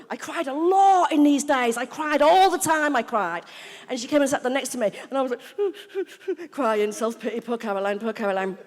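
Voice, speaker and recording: As the main speaker at a recovery convention, a woman with a somewhat high voice tells her personal recovery story live in a reverberant hall. She's animated and frank, laughing, swearing, and acting out quoted lines.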